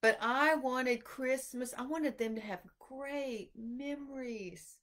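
A middle-aged woman, talking casually to her viewers on a live stream about homeschooling and telling animated stories about her family. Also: high-pitched, slow pace. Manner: chatty, animated storytelling with self-quotes. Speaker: homeschooling podcast host. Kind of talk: casual livestream talk.

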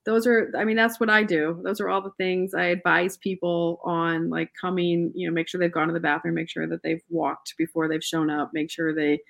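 Lower-pitched woman guest, easygoing and chatty, often laughing. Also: level tone, normal speed, creaky, hardly any pauses, a bit bright. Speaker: pet photographer guest. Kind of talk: casual interview chat.

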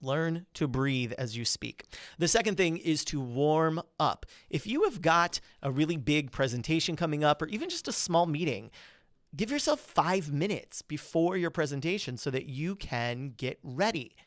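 A man hosting a podcast, giving quick, energetic coaching tips on presenting with melodic, well-placed pauses. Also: a little high, no room sound, clean studio sound. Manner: melodic, modulated emphasis. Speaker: podcast host.

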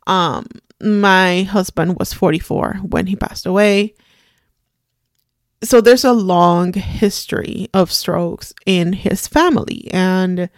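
A woman in her forties, hosting a podcast, telling a personal story in a somber, reflective and halting way. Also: medium pitch, dry recording, clean studio sound. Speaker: podcast host.

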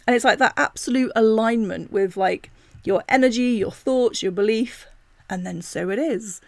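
A woman's voice: fairly high pitch, normal speed, vocal fry, no echo. A woman hosting a spiritual self-help podcast, talking casually and reflectively with many asides and self-corrections. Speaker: podcast host.

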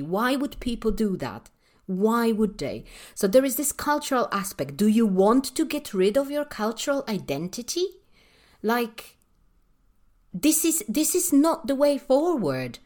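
A woman's voice: fairly high pitch, big pitch swings, unhurried, a little mellow. A woman with a Polish accent, an English teacher trainer, ranting passionately on a solo podcast with emphatic rhetorical questions. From Poland.

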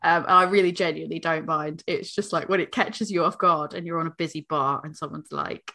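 She is a woman from Boston, co-hosting a relaxed chat about beer. Her voice is bright and forceful, and she tells stories with energy, acting out each person she quotes. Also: sits low, fairly quick. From Boston, United States. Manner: animated storyteller, acts out quoted voices. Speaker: podcast co-host. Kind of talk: casual chat.

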